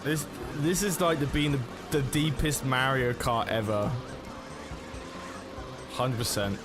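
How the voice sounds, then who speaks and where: A man's voice: mid-range voice, fairly even intonation, takes it slowly, over music. A young man streaming a racing game, chatting casually in a rambling, sweary way, often stopping and restarting his sentences. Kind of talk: casual chat while gaming.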